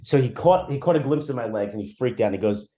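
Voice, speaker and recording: A man's voice: mid-range voice, lively intonation, quick pace, dark tone. A man co-hosting a casual podcast conversation, blunt and teasing in his delivery. He tells stories with an easy, mid-range voice. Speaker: podcast co-host.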